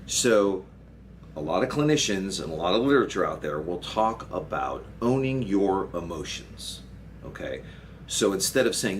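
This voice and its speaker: A man with a fairly low voice, talking as a marriage and family therapist in an easygoing explainer style. He keeps checking in with the listener as he goes. A faint hiss sits under the recording. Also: animated, normal speed. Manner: conversational, checks in often with okay and right. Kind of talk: solo explainer talk to camera. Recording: faint background noise.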